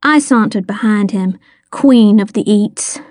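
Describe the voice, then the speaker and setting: A woman's voice: medium pitch, a little slow, a little mellow, no room sound, clean studio sound. A woman narrating a first-person story in a vivid audiobook reading.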